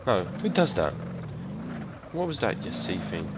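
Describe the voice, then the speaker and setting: A young man commentates on his gameplay, energetic and excitable and swearing freely. His voice sits low, with loud game engine and crash noise behind him. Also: unhurried, gravelly. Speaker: gaming YouTuber.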